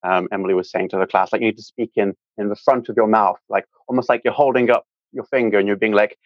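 A young man with a British accent talks fast in a lowish voice with fairly even intonation. As a guest in a casual interview, he rambles with lots of fillers, and the recording sounds dull, dry, and lo-fi.

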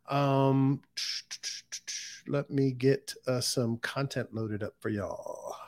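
Man, casual solo stream chat, slow drawl, rambling, many fillers, average pitch. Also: creaky. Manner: rambling, distracted, thinking aloud with many fillers. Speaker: crypto livestream host.

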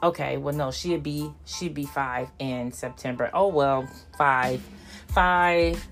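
A woman's voice: rumbling low, a little slow, faint music behind. An older woman, chatting casually and rambling about her grandchildren, acting out their voices. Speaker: vlogger. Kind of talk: casual chat.

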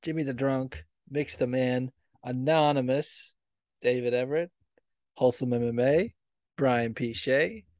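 A man's voice: mid-range voice, unhurried, darkish tone, no room sound. A man co-hosting a casual podcast, joking, laughing often and swearing freely. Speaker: podcast co-host; stage manager. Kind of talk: casual chat.

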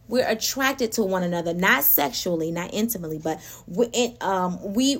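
A woman hosting a casual spiritual talk, animated and laughing often as she speaks straight to her listeners. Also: a little high. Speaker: podcast host.

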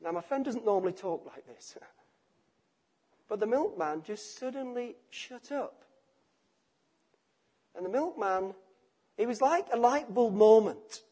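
High-voiced man preaching a sermon. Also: breathy edge. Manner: emphatic, repeats phrases, drops to quiet endings.

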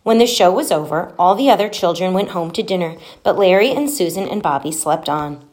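Lady reading a kids' bedtime story, gentle, acts out the bits of dialogue. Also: fairly low pitch, a little fast. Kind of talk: reading a children's story aloud.

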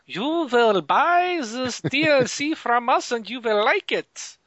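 A man doing a mock German accent as a stern oppressor, speaking slowly, high and commanding. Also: expressive, fairly bright tone, no echo, muffled recording, heavily acted. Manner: commanding, slow and drawn-out.

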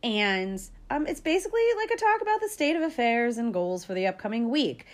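A woman's voice: on the high side, very animated, a little fast. Chatty woman giving parenting advice. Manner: chatty and upbeat, acts out quoted parents and kids; frequent fillers and small laughs. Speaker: parenting educator. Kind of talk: casual advice talk to parents.

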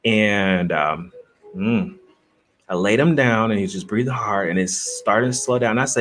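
A man who makes videos, talking casually and softly to his viewers in a rambling way, with lots of fillers and restarts. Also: fairly low pitch, normal speed, faint music behind. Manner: rambling, soft-spoken, frequent fillers and restarts. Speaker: video creator. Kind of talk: casual livestream chat.

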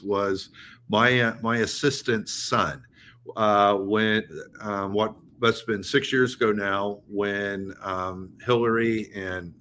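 Casting: a man with a lowish voice, a guest in a political chat, measured, faint noise behind. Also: fairly bright tone. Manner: measured, reflective, with many fillers.

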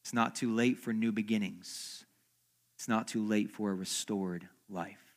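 A male pastor preaching a dramatic sermon at a church service, swinging from loud emphasis to soft, near-whispered lines. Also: lowish voice, fairly even intonation, measured pace.

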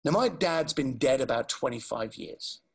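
A grown son gently remembers his late father, slipping into a gravelly, husky voice as he repeats the man's words. He talks slowly and haltingly, expressive and full of deep, tender feeling.

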